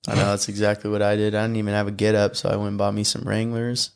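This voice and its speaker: A man's voice: lowish voice, completely flat delivery, fast talker, smooth. A man co-hosting a podcast, chatting in a laid-back, casual way. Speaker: podcast co-host. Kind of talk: casual chat.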